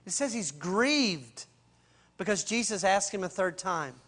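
A man preaching a sermon in a conversational, slangy way, swinging between loud and hushed. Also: high voice, expressive, unhurried. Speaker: pastor.

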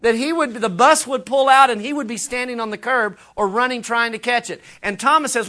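A man's voice: very high-pitched, fairly quick, hardly any pauses, bright, forceful tone. A man preaching a sermon as pastor, earnest and emphatic, with conversational asides to the congregation. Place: church.

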